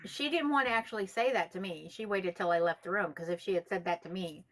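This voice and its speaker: A woman hosting a casual call-in show, ranting in a profane, animated way. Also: fairly low pitch, quick pace. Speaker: host.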